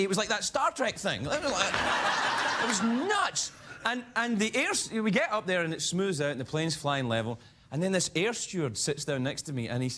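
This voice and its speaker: A man as a late-night talk show host, giving a stand-up comedy monologue in a self-mocking way, chuckling at his own jokes and jumping into high, yelping asides. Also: wildly swooping pitch, normal speed. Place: TV studio with a live audience. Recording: audience laughter and room noise. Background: live studio audience laughing.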